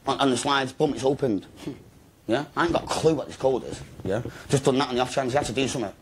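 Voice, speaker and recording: A man recounts his story in an interview, sitting at an ordinary middle pitch. He talks fast and loose, in slang and swearwords, with mate and bro scattered through every line. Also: a little hiss or hum.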